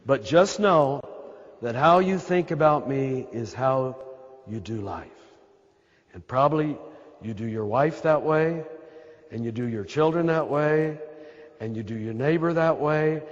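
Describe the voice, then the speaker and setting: Speaking unhurriedly with lively intonation, a Catholic priest with an American accent delivers a spiritual talk to an audience gathered in a large hall. His throaty mid-range voice drives his points home through emphasis and repetition, addressing listeners directly, though the recording's highs are cut off.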